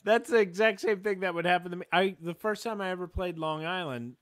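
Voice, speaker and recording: A male comedy podcast host with a fairly high, bright voice. He chats casually, gets excitable, and tells his own stories with a bit of swearing. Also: brisk. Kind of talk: casual chat.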